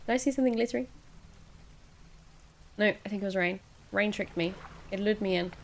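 A woman's voice: medium pitch, brisk. A woman streaming a spooky fishing game, reacting nervously and talking herself through each scare. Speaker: gaming streamer. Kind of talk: let's play commentary.

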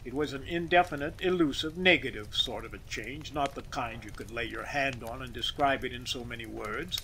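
A man narrating a classic story as an audiobook reader, expressive and measured. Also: mid-range voice, a little hiss or hum, low-quality recording.

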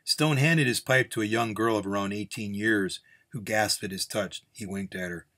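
A man reading a Western story aloud in an unhurried, relaxed way. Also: on the low side. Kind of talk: storytelling narration.

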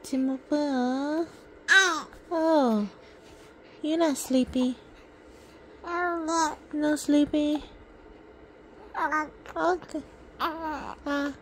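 A mother talking baby talk to her infant, cooing softly and repeating short soothing words. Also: high-pitched, steady tone, extremely slow, long pauses, slight background noise.

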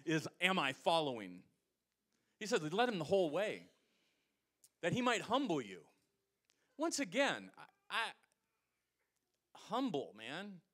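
An American male pastor preaches with lively energy. His voice swings from loud, emphatic lines down to low, quiet asides to the congregation. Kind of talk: sermon.

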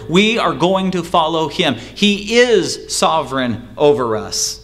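A pastor preaching a sermon, driving home points with repetition and rhetorical questions, sometimes mimicking excuse-makers. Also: male voice, animated, a bit bright. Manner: acts out excuse-makers in a higher, quicker voice.

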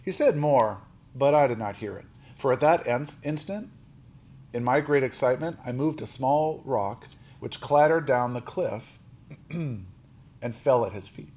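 A man reading a children's novel aloud, lifting his voice for quoted lines and dropping low on speech tags. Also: unhurried. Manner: steady storybook reading, with small restarts.

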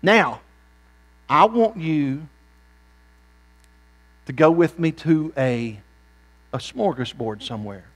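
A man preaching a church revival sermon in a folksy, joking way. His voice sits somewhat high for a man and swings between quiet, confiding lines and fervent, raised peaks. A faint electrical hum runs beneath him. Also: lively intonation, takes it slowly, pauses often. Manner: folksy, rising to fervent shouts then dropping low. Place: church sanctuary.

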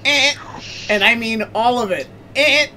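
A man's voice: very high-pitched, unhurried, pushed and bright, a little hiss or hum. A man co-hosting a casual live-stream chat, rambling and stammering through restarts.

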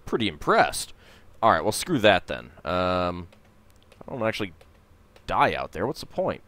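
A man's voice: low voice, sing-song, normal speed, fairly bright tone. A man hosting a casual let's play, rambling and hesitant as he comments on the game. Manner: rambling, hesitant, lots of fillers.

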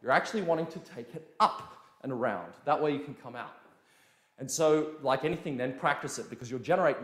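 A man gives a casual, energetic dance lesson at a middle pitch. He counts out beats and says "boom" on each one. His voice echoes around the room. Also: brisk. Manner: energetic, demonstrates beats with sound words. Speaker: dance teacher. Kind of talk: live-streamed dance lesson, casual explaining.

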